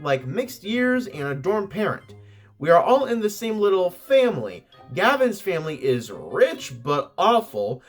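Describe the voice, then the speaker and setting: A man with a high voice reads online stories aloud for his channel, breaking in with excitable, swearing commentary. His pitch swings widely from line to line, and faint music plays underneath. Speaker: host reading Reddit stories.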